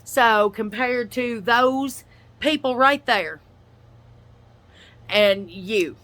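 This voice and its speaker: A woman whose voice is on the high side and fairly bright speaks extremely slowly in an angry reaction rant. The YouTuber and podcaster addresses another person directly, bluntly and with profanity.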